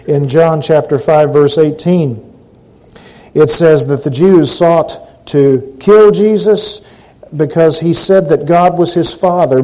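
Preacher, male, mellow and slightly high voice, emphatic, repeats key lines slowly. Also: low-quality recording. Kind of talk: sermon.

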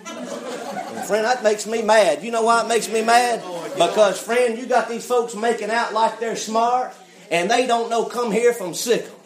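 Male preacher, high voice, fiery call-and-response sermon, echoey church sound. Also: fairly even intonation, measured pace. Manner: preaching with call-and-response, repeats "friend" and "why?". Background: congregation calling amen.

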